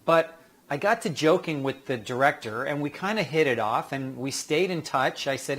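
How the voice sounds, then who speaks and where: A man giving casual career advice to actors, chatty and acting out quick quoted exchanges. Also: mid-range voice, animated, a bit bright. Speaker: acting coach.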